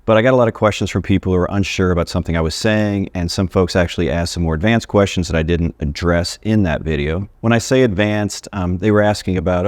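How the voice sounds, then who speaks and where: A man's voice: low-pitched, fairly quick, no room sound, studio quality. A man teaching a casual video lesson on Spanish grammar, chatty and friendly as he talks straight to his viewers. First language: English.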